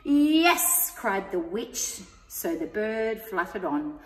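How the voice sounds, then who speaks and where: A woman reading a rhyming picture book aloud to children, expressive and sing-song. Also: medium pitch, slow pace. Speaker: story time reader. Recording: echoey room with long reverb.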